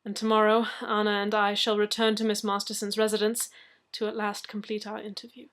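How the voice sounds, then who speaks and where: A woman reading a story aloud in a measured, soft-spoken narration. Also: medium pitch, completely flat delivery. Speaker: story reader. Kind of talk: audiobook-style story narration.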